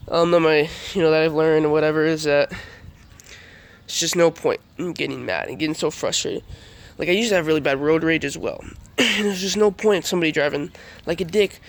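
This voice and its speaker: A man in his early twenties, rambling through a casual vlog story with lots of fillers and self-corrections. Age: 20s. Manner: rambling, lots of fillers, acts out quotes in higher voice. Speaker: vlogger.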